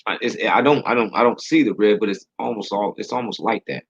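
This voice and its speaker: A man's voice: fast, muffled recording. A man talking casually in a conversation, heated and stammering. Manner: heated, stammering, swings high when worked up.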